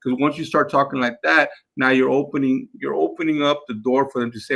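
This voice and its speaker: A man's voice: mid-range voice, steady tone, brisk, vocal fry, hardly any pauses, fairly bright tone. A man, a real estate investor, coaching his team in a live session, repeating points to drive them home. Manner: repeats words, drills points to his crew.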